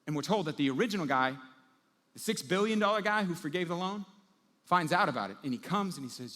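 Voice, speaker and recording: A man's voice: high voice, animated, quick pace, a bit bright. Man preaching in a reverberant hall. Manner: casual storytelling, acts out quoted characters. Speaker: pastor. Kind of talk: sermon. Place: large hall with a live audience. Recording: long reverb of a large hall.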